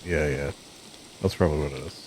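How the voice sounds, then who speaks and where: A man's voice: very deep voice, fast, a little hiss or hum, rough recording. A man streaming a building game, talking casually and rambling with easy laughs. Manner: relaxed, rambling, laughs easily. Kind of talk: casual commentary while building.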